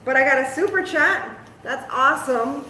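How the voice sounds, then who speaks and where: Her voice high-pitched, bright and a bit pushed, a middle-aged woman talks at a normal speed while hosting a casual home crafting livestream. She addresses viewers directly, jokes about her own mistakes, and heads outdoors at one point. Home echo and faint background noise fill the recording.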